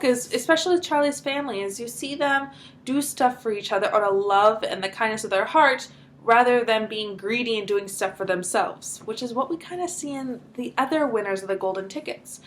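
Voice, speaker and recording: A woman teacher talks casually to her class after a read-aloud. Her voice sits a little high, and her tone stays relaxed and chatty. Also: moderate pace. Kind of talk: read-aloud lesson with recap.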